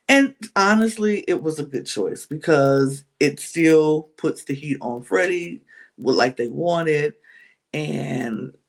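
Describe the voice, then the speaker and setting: A deep-voiced woman hosts a podcast, recapping a reality show in a chatty, animated manner and restarting her sentences frequently.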